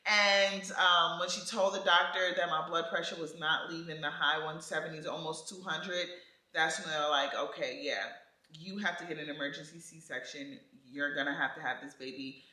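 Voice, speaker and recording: A woman vlogger casually telling her birth story in an animated way, often laughing. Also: deep voice, moderate pace, reverberant, low-quality recording.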